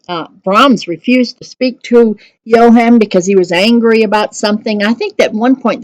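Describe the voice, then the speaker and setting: A middle-aged woman talks through a music history lesson in a relaxed, conversational way, pausing with fillers and correcting herself as she goes. Her voice sits at an ordinary middle pitch, and the recording is close and dry, with little room sound. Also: dry recording. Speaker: music teacher.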